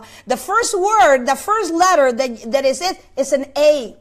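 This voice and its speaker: Woman preacher, very high voice, sermon delivery, questions to the congregation, halting repeats. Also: expressive. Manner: asks the congregation questions, repeats words while searching. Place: place of worship.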